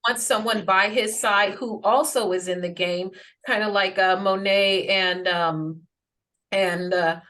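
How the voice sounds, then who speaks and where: A woman of middling pitch hosts an interview. She builds her questions slowly, with many fillers and side remarks. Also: steady tone, fairly bright tone. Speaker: host. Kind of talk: interview conversation.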